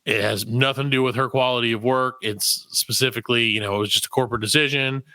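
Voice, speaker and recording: A man's voice: medium pitch, fairly even intonation, quick pace, sharp tone, dry recording. A man co-hosting a comedy podcast, telling a rambling, profane story in casual chat and acting out the other people's voices. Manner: rambling storyteller, acts out voices, swears freely. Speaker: podcast co-host.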